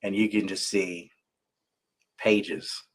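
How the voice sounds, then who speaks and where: A man hosting a casual podcast conversation, talking in an animated way and laughing as he tells jokes. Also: low-pitched, takes it slowly. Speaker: podcast host.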